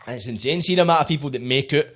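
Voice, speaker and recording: Scottish male podcast host, late 20s, fast and sweary, blunt banter. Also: medium pitch, over a noisy crowd. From Scotland. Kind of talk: casual chat.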